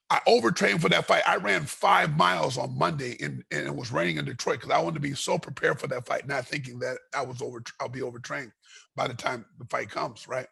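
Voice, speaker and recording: A man guest in an interview, telling a long story with animated energy, voicing other people in it, often repeating and restarting his words. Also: on the high side. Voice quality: gravelly, raspy. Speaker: guest, retired fighter.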